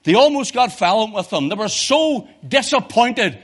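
A man preaches a sermon in a fairly high voice. He climbs to loud, impassioned peaks, then sinks into low, hushed intensity. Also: sing-song, moderate pace, slightly rough.

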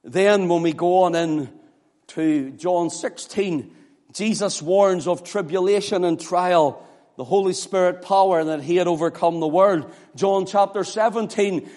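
A man preaching an impassioned sermon, swinging from loud exclamations to hushed near-whispers. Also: high-pitched. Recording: echoey hall reverb.

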